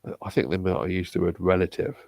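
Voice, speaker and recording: A man with a Bristol English accent, hosting a live stream and reading out viewer comments in a hesitant, halting way with frequent restarts. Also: low-pitched, fairly even intonation, creaky, a little mellow, no echo. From England.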